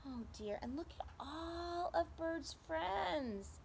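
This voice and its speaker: Very slow, animated woman reading a storybook. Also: very high voice, creaky, slight background noise. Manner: animated, asks children questions. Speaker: preschool teacher reading aloud. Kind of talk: storybook read-aloud for children.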